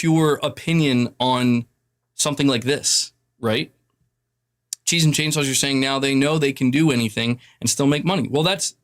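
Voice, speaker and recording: A man's voice: medium pitch, a bit bright. A man in a played clip giving opinionated gaming commentary, earnest and emphatic, lecturing his viewers.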